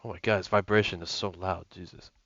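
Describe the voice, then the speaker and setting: A man's voice: low voice, fairly even intonation, quick pace, fairly bright tone, no room sound. A young man giving casual gameplay commentary as a gaming YouTuber, rambling with lots of fillers and restarts. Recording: lo-fi with music and mains hum.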